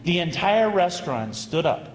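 A Catholic priest, telling a story in a sermon with animated, emphatic delivery. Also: male voice, high-pitched, normal speed, slight background noise. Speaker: associate pastor. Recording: roomy hall reverb with faint ambience.

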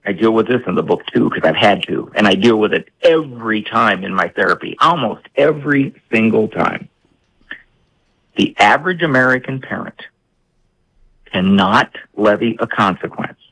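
A man in his sixties, a psychologist and author, talking as a guest on a radio interview and telling stories with lively voices for parents and kids. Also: on the low side, moderate pace, rough recording. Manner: animated storyteller, acting out parents and kids.

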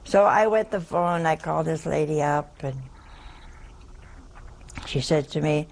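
An older woman telling a personal story in a slow, wry, deliberate way. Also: low-pitched, vocal fry, a little mellow.

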